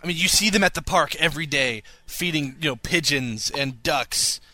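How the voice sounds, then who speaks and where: Male podcast co-host, bright and upbeat, playful banter, dry close mic. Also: on the high side, moderate pace, dry recording. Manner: playful, laughs often, jokey asides. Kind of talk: casual podcast chat, reading listener mail.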